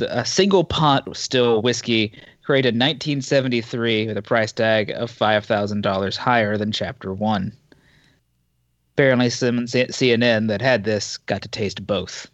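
A man's voice: medium pitch, normal speed, no room sound. Male co-host, casual, reads items with small stumbles; dry, slightly dull sound. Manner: reads news items aloud with small slips and asides. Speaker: podcast co-host. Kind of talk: casual chat reading news.

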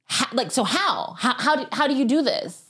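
A woman's voice: sits high, sing-song, moderate pace, a bit bright, slightly rough. A woman hosting a podcast, leading the interview with eager, laughing questions. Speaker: podcast host. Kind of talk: casual interview chat.

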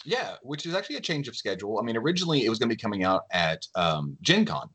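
A man who works as a lead game developer, chatting as a podcast guest in an easygoing, self-deprecating way as he thinks out loud. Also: on the low side, big pitch swings, quick pace, breathy edge. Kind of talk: casual podcast chat.

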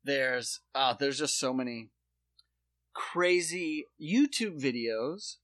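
A man with a bright, forceful voice hosts a podcast, wandering through loose, profane stories full of "like" and "uh." The sound is dry and close to the mic, with no room around him. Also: medium pitch, animated, slow pace, no echo. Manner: rambling, profane storytelling. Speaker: podcast host. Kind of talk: casual chat.

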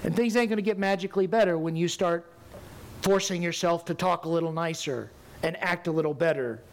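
A man preaching a sermon as pastor, animated and rising to loud emphatic bursts. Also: fairly high pitch, fairly quick, slight background noise.

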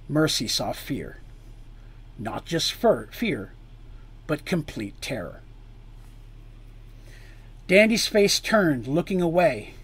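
A man reads a fantasy story aloud dramatically. On grim lines his voice drops low and quiet, while tense moments make it rise and grow louder.

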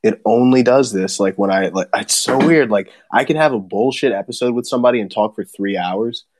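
A man's voice: fairly low pitch, a little fast, darkish tone, no echo. A man hosting a podcast in casual chat, rambling and laid-back, laughing often and swearing, recorded over a remote voice chat. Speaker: podcast host.

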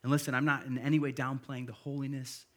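Casting: male pastor, thirties, relaxed storyteller preaching at a church service, mid-pitched voice. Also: quick pace. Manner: casual, conversational preaching with fillers and storytelling. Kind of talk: sermon.

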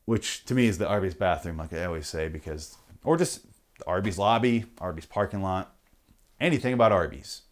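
A man's voice: deep voice, lively intonation, a little fast. A man hosting a podcast, ranting in a profane, rambling, jokey way through the show's sign-off. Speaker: podcast host. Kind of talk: rambling comedic podcast outro.

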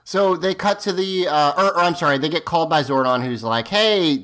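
A man's voice: fairly high pitch, brisk, fairly bright tone. A man hosting a casual podcast, recapping a TV episode with ums and self-corrections. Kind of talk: casual chat.

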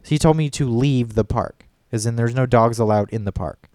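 A man's voice: mid-range voice, brisk, darkish tone, no echo, studio quality. A man telling a story in a casual podcast chat, rambling and swearing often. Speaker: podcast co-host.

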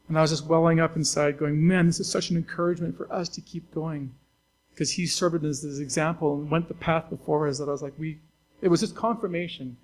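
A man's voice: fairly high pitch, poor audio. A man pastor delivering a conversational, earnest sermon to his church, with fillers and restarts.

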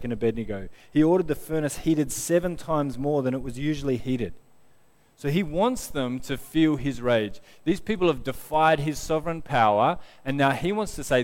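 A man preaching a sermon, retelling a Bible story in lively modern words and mocking the characters he describes. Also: medium pitch, in a large hall. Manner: expressive storyteller who mocks the characters in his retelling.

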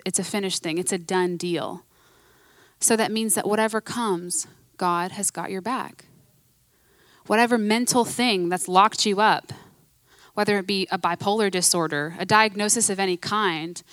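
A woman's voice: mid-range voice, a bit bright, dry recording. A woman preaching a sermon in a conversational, emphatic way, repeating her key phrases.

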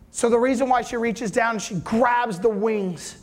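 High-voiced preacher checking in with listeners. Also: male voice, unhurried. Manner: acts out voices in the story. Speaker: pastor. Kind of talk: sermon.

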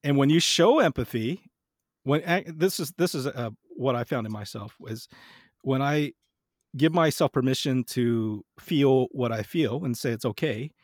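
A man hosts a casual podcast in a dry, close-sounding recording, with his voice at a middle pitch. He searches for his words, stopping and restarting, then rushes ahead. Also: dry recording. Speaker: podcast host.

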